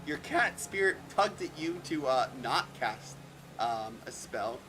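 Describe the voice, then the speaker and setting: A man's voice: mid-range voice, animated, a little slow, crowd noise, low-quality recording. A man running a tabletop game as game master, stammering and repeating words as he narrates.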